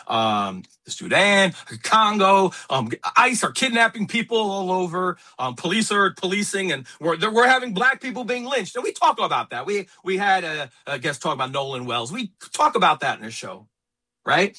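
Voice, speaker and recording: A man hosting a talk radio show, speaking in an emphatic, opinionated way about sports and politics. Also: sits high. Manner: animated, emphatic, quick asides. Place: radio studio.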